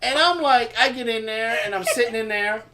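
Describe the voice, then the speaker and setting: A man telling a funny story in a casual livestream chat, animated and self-mocking. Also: very high-pitched, moderate pace, background noise. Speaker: homestead livestream co-host.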